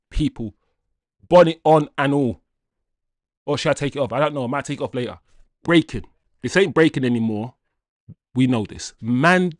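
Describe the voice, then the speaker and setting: A man hosting a football fan channel, reading transfer news aloud and riffing on it in a jokey, animated way. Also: mid-range voice, no echo, studio quality. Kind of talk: casual transfer-news commentary.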